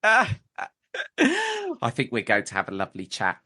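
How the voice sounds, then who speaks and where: A man hosts a podcast interview and asks his questions politely, often stumbling over his words. His pitch moves around a lot, rising and falling as he talks. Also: wildly swooping pitch, unhurried, sharp tone. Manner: hesitant, polite, with fillers and restarts. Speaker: podcast host.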